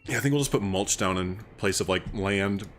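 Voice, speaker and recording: A man's voice: lowish voice, a little fast, fairly bright tone. A young man chatting casually on a livestream, rambling and thinking aloud as he builds, with faint music and typing behind him. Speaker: streamer. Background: faint music and keyboard typing.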